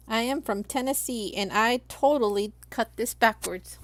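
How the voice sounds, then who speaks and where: A woman's voice: on the high side, normal speed, no echo. A young adult woman from Los Angeles, chatting casually on a live stream and talking viewers through each crafting step.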